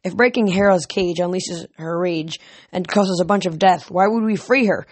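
A reader voicing a commanding teenage girl leader who speaks firmly and briskly. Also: medium pitch, close to an everyday voice. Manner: firm, brisk, snapping. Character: sharp-minded teen girl camp leader, commanding. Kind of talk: audiobook reading.

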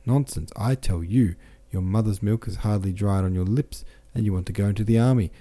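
A man's voice: lowish voice, a little fast, warm tone, lightly acted. A man reading the lines of an emotional, blustering older count in an audiobook.

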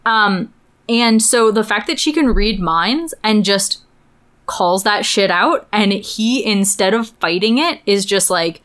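A young woman co-hosts a podcast, chatting casually with plenty of enthusiasm and strong opinions. Her medium-pitched voice is animated and a bit bright, her pace slow, and she fills her speech with "like."

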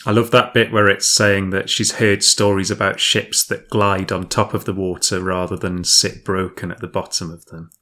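A woman co-hosting a relaxed chat, mostly murmuring agreement and adding short remarks. Her voice is extremely low for a woman. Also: moderate pace, hardly any pauses. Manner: brief, agreeing responses. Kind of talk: casual chat.

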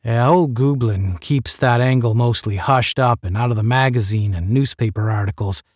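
A man's voice: medium pitch, moderate pace, no echo, clean studio sound, close to an everyday voice. A man voicing a retired spaceman who talks in a casual, slangy way in an audiobook. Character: retired male spaceman, casual and rough-spoken.

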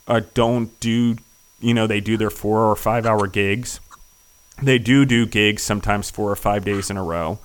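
Low, smooth-voiced male podcast host. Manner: enthusiastic, rambling with fillers. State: losing his voice. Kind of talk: casual interview chat.

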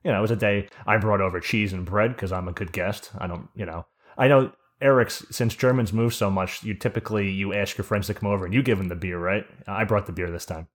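A man's voice: lowish voice, quick pace. A man hosting a casual podcast chat, telling stories in a rambling way with lots of fillers. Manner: rambling storyteller with many fillers. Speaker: podcast host.

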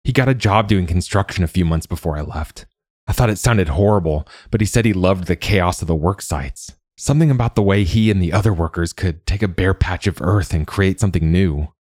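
A bitter, desperate young tunnel worker, voiced by a man reading a story. His low voice carries a hard edge and breaks into raw screams when panic takes him. The recording is dry and close. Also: brisk, darkish tone, no room sound. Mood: wistful. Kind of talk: audiobook character voice.

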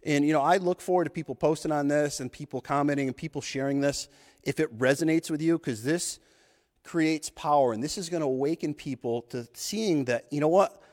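A man's voice: on the high side, brisk, darkish tone. Profane fired-up man, echoey hall. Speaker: podcast host. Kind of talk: motivational monologue. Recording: long hall reverb.

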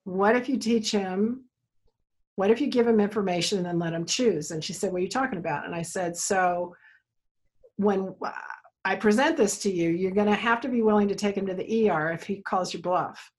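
Woman therapist as interview guest, husky voice, animated storyteller. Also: mid-range voice, moderate pace. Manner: animated storyteller, acts out quoted dialogue.

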